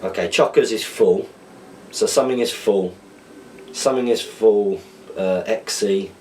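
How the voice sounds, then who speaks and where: Casting: male podcast host, lowish voice, a little off the mic, chatty and self-correcting. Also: measured pace, a little mellow, distant mic, a little hiss or hum, poor audio. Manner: rambling, self-correcting, laughs at himself. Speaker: podcast host answering viewer questions. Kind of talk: casual solo chat reading out questions.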